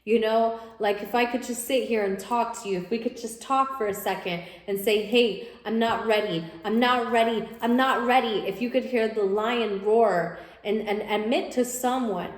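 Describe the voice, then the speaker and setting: A woman talks through a tarot reading in a loose, animated way, circling back over her own phrases. Her voice sits at an ordinary middle pitch. The room gives it a clear echo. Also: moderate pace, few pauses. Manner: animated, voices imagined thoughts of the listener, repeats phrases. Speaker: tarot reader. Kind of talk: casual spoken tarot reading. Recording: echoey room, faint noise.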